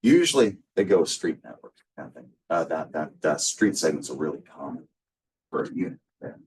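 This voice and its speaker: A low-pitched man talks a class through a lecture in a loose, rambling way, full of ums and restarts. He sits some way back from the mic. The result is a casual, unpolished classroom recording. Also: big pitch swings, moderate pace, a little mellow, distant mic. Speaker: instructor.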